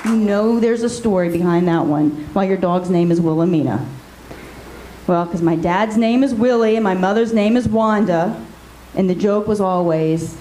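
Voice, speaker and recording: A woman's voice: medium pitch, normal speed. A woman in her thirties, a former TV news anchor, doing a stand-up set with wry, self-mocking punchlines on a club stage. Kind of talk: stand-up comedy routine. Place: comedy club stage with live audience. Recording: echoey hall with loud background noise.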